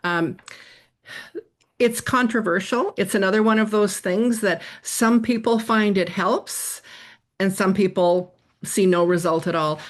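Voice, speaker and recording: A woman psychotherapist explaining ideas in a podcast interview, animated, acting out examples as she goes. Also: medium pitch. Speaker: psychotherapist guest.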